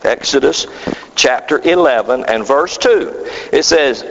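A man delivers a sermon in a long-reverberating church hall, reading scripture and drawing his congregation into call-and-response. His pitch swoops high and low with a rhythmic, building cadence. The recording is slightly dull, with faint background noise. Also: animated, normal speed. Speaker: preacher.

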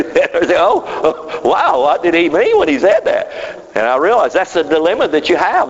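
A man preaches a rambling sermon in a somewhat high voice, his pitch swinging widely. He keeps checking whether the congregation follows him. The sound is muffled and rings with long reverb in a church hall. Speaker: pastor.

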